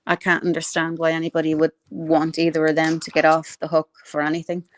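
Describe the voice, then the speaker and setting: Her deep, monotone voice moves briskly, recorded with studio quality and no room sound. She's a livestream host chatting bluntly with viewers, rambling and opinionated as she responds to their comments.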